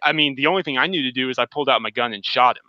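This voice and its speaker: A man's voice: medium pitch, rapid-fire, no echo, lo-fi sound. A man co-hosting a casual gaming podcast, telling stories with enthusiasm and acting out quotes. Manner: enthusiastic, animated storytelling with acted quotes. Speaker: podcast co-host.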